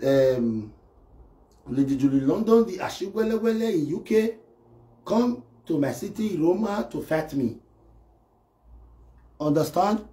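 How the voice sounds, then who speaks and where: A man's voice: on the high side, unhurried, long pauses. Mocking man in an echoey room. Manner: excitable, mocking, acts out imagined scenes. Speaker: comedy live video host. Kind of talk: comic live-stream rant.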